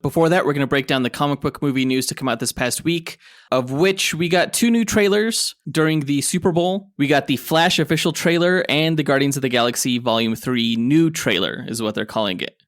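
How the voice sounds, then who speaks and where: A man's voice: fairly high pitch, fairly quick, no echo, clean studio sound. A man co-hosting a comic book podcast, reading show promos and chatting about news. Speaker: podcast co-host. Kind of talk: casual podcast chat.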